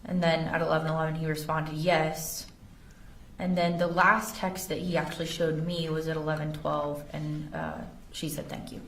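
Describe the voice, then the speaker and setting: A woman testifying as an investigator in a courtroom carefully reads text messages aloud. Her voice sits low with a level tone at a moderate pace. The echoey courtroom audio sounds far off, with slight background noise.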